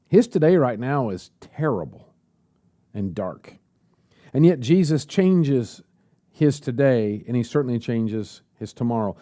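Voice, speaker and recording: A man's voice: medium pitch, lively intonation, normal speed, mellow. A man preaching a sermon at a church service, asking the congregation rhetorical questions.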